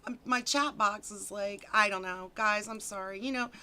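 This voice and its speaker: A woman's voice: mid-range voice, normal speed, pushed and bright, clear, resonant tone. A woman hosting a casual live stream, giggling often and greeting viewers in the chat by name. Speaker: stream host.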